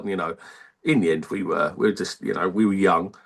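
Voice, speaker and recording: A man, an army veteran telling stories in a casual radio interview, halting and rambling with many fillers. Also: low-pitched, a bit bright.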